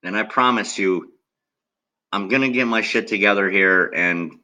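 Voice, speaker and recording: An agitated man venting to his viewers in a profane, heated rant. His voice is low-set but very sharp and tense, cutting through every line. He talks straight at the audience and swears constantly. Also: normal speed, rough recording. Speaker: political video blogger. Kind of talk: angry rant to camera.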